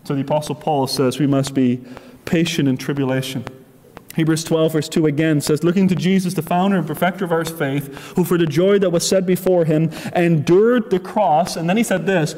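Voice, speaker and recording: Male preacher, high voice, emphatic and repetitive sermon delivery, long hall reverb. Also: steady tone, normal speed, darkish tone.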